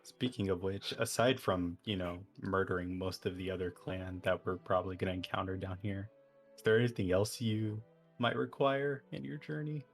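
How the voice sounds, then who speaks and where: A man's voice: low-pitched, fairly even intonation, moderate pace, faint music behind. A man playing his character in a tabletop game, laid-back and hesitant. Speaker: player. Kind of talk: in-character play.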